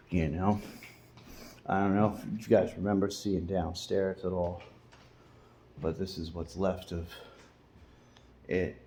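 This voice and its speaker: A man's voice: low-pitched, slight background noise. A man vlogging in a casual, rambling way from an emptied-out house, swearing freely and restarting his sentences. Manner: profane, loose, rambling with restarts.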